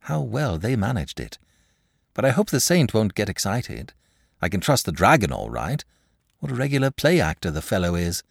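A man's voice: fairly low pitch, normal speed, creaky, no echo, studio quality, heavily acted. A man voicing an eager young boy. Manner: excited, chatty asides to himself. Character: eager young boy watching a staged fight.

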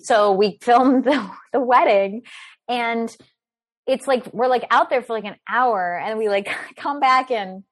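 A woman telling a story in casual conversation, animated and laughing often, with many filler words. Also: on the high side, unhurried. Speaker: guest storyteller.

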